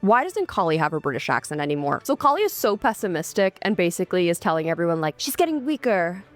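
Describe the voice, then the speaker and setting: A young woman giving a casual, sarcastic commentary on a series, swearing and throwing in animated asides. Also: on the low side, fast talker, dry recording, faint music behind. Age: young adult. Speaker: video essayist.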